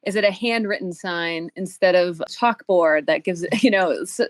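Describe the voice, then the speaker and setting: A woman co-hosting a podcast chats casually, offering thoughtful advice to other makers with fillers and restarts. Her voice is fairly low, at normal speed, and the recording is dry.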